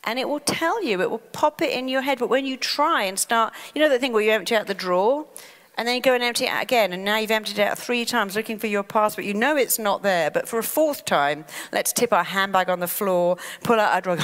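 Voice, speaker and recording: A middle-aged woman giving a motivational talk as a therapist, acting out panicked inner voices in a lively way. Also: mid-range voice, fairly quick. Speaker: therapist and speaker. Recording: long hall reverb.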